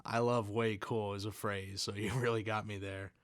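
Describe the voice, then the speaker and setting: A man's voice: fairly low pitch, flat delivery, moderate pace, no room sound, clean studio sound. Easygoing man chatting over fan mail. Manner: easygoing, self-deprecating, laughs often. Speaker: video creator. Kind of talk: reading fan letters aloud and chatting.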